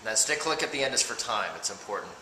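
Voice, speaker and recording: A man's voice: mid-range voice, expressive, fast talker, very noisy. A man teaching a drum cadence in a casual, step-by-step way, saying the rhythms aloud as he goes. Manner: explains patterns step by step, speaking rhythms aloud. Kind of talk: casual instructional talk. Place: practice room with drums. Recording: very echoey room with loud drumming.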